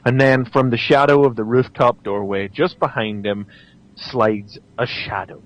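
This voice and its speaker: A man hosting a podcast, chatting casually and telling a scene with lively restarts. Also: medium pitch, a little slow, rough recording. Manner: animated storyteller, stammers and restarts. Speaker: podcast host. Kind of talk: casual chat.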